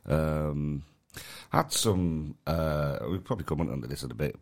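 A man with a Manchester accent and a very deep, low voice chats casually on a podcast. He sounds tired and rambles, restarting his sentences often. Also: lively intonation, a little slow, gravelly. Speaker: podcast co-host, comedy promoter. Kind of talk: casual chat.

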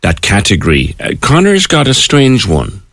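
A man's voice: medium pitch, wildly swooping pitch, moderate pace, a bit bright, no room sound, clean studio sound. A man hosting a casual radio chat, conversational and colloquial. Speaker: radio host.

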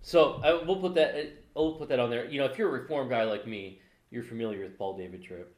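A man's voice: mid-range voice, brisk. A man co-hosting a casual podcast, chatting and joking as he goes. He stops and restarts his sentences a lot. His voice bounces around a reverberant room. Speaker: podcast co-host. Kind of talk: casual chat.

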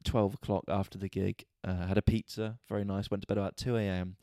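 A man hosting a podcast, telling a story in an exasperated, sweary, animated rant. He is a stand-up comedian talking casually. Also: fairly low pitch, fairly quick, dry recording, clean studio sound. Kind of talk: casual ranting monologue.

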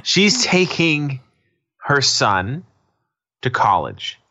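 A man's voice: medium pitch, very animated, extremely slow, pushed and bright. A man co-hosting a podcast, recapping a TV episode in casual, rambling chat that drifts into asides. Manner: rambling, digressive, laughs often. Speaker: podcast co-host.

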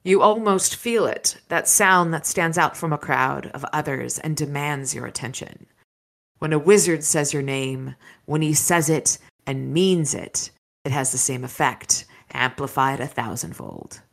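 A woman's voice: low voice, measured pace, vocal fry. A woman reading aloud as a snarky, wisecracking young male wizard detective. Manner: wisecracking, sarcastic.

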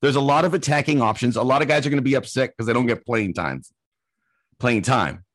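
A man hosting a casual podcast, easygoing and quick to laugh. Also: mid-range voice, lively intonation, dry recording. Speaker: podcast host.

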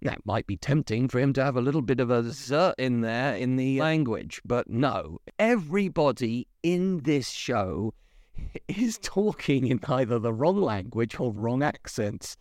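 A man's voice: mid-range voice, lively intonation, unhurried, a little mellow, no room sound, studio quality. A man hosting a podcast, giving a chatty, opinionated spoken review full of rhetorical questions. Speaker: podcast host reviewing a series.

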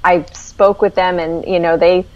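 A woman's voice: fairly low pitch, level tone, measured pace, a little mellow, muffled recording. A woman author answering interview questions, often hesitating and repeating a word as she starts a thought. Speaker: author guest.

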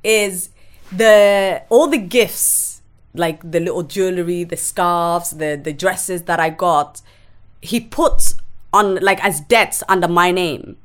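A woman with a slightly low voice tells her own story as a podcast guest. She speaks frankly and emotionally and swears without holding back. She often halts and restarts mid-sentence. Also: a bit bright. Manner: halting, with restarts. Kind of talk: candid personal storytelling.

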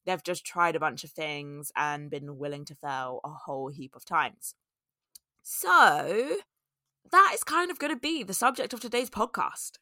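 A woman's voice: low-pitched, expressive, measured pace, sharp tone, no room sound, clean studio sound. A woman hosting her own podcast, talking chattily and with feeling to her listeners. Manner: emotional, grateful, chatty. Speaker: podcast host. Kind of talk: solo podcast talk.

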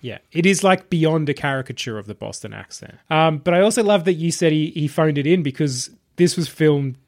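A man co-hosting a film podcast, easygoing and quick to laugh. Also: fairly high pitch, lively intonation. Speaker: podcast co-host. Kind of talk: casual film chat.

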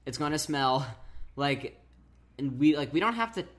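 A young woman in casual chat, talking haltingly with frequent restarts and filler words. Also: sits low, expressive. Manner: halting, restarts often with many "like"s.

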